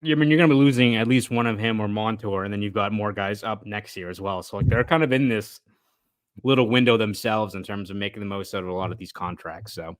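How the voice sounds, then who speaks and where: The same kind of casual sports podcast chat comes from a young Boston-accented sports reporter co-hosting the show. His lowish voice moves fast with no echo, and he rambles thoughtfully, often fixing himself mid-sentence.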